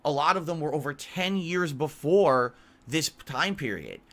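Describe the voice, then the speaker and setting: A man's voice: on the high side, expressive, a little slow, fairly bright tone. A man defending himself on stream, insistent and laying out his points one by one. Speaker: streamer being reacted to.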